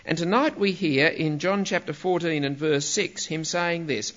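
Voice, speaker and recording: A man's voice: on the high side, moderate pace, few pauses, a bit bright. A man preaching a sermon, emphatic and stressing single words, on a dull lo-fi recording.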